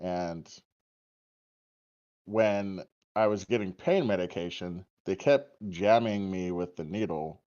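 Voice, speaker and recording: A man's voice: low-pitched, slow pace. A man on a podcast telling stories casually, cursing freely and laughing often. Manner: profane, animated, laughs often. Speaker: podcast guest. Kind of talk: casual storytelling. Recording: dull lo-fi stream audio.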